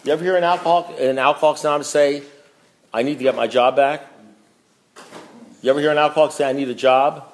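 A man's voice: steady tone, quick pace, long pauses. A man giving a blunt, emphatic talk at a recovery meeting, reading from a book and repeating himself for emphasis. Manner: swings between low asides and loud preaching.

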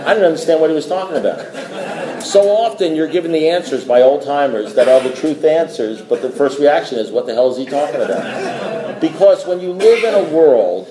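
A man's voice: a little high, animated, fairly quick, echoey room, a crowd in the background, poor audio. A middle-aged man giving a personal recovery testimony at a meeting, telling stories and acting out dialogue, laughing often.

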